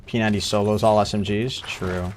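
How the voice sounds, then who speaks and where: A man's voice: fairly low pitch, steady tone, fairly quick, a little hiss or hum. A man streaming a game live, cracking crude jokes, laughing often and teasing his chat. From United States. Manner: joking, crude, laughs a lot, teases chat. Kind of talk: live gameplay commentary.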